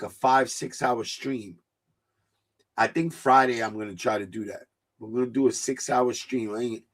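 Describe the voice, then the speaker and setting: A man, hosting a casual livestream, loose and joking and swearing freely. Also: a little high. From New York. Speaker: livestream host.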